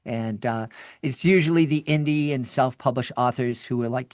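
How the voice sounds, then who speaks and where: Man, podcast guest, animated storyteller, mid pitch, restarts often, dry booth sound. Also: moderate pace, no room sound. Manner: animated, restarts and repeats words. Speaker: podcast guest, children's podcast creator. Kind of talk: storytelling in an interview.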